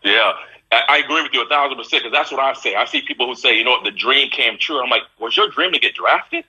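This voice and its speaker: A man's voice: mid-range voice, fast, slightly rough, poor audio. A middle-aged man chatting as a guest on a live video call, telling stories with laughter. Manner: animated, laughing storyteller. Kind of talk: casual chat.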